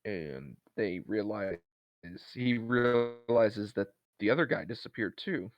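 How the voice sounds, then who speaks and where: Brief: male podcast co-host, lowish voice, casual rambling recaps, dull dry recording. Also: expressive, takes it slowly. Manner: rambling retelling with many fillers. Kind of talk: casual chat.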